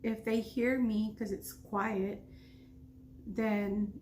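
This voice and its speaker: A woman's voice: mid-range voice, level tone, very slow, a little mellow, slight background noise. A woman in her thirties telling a story while eating, talking casually with food in her mouth. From United States. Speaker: vlogger.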